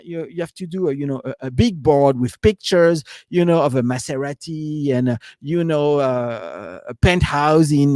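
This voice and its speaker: Chatty man with a high voice. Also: no room sound, clean studio sound. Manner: chatty and repetitive, with many restarts and "you know"; speaks English as a second language with small grammar slips. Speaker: business coach hosting a livestream. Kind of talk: casual livestream talk.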